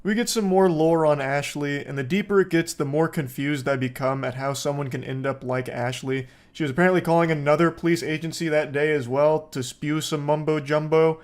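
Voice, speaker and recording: A man's voice: fairly high pitch, fairly even intonation, fairly quick, hardly any pauses. A man giving wry, sarcastic commentary on a video, laughing and swearing. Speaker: streamer reacting to video. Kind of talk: casual commentary.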